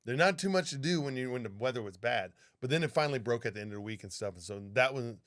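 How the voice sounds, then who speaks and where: A man co-hosting a podcast, telling a story in casual, animated talk with a lot of swearing. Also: medium pitch, quick pace. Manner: animated, profane, acts out what people said. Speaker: podcast co-host, flight attendant.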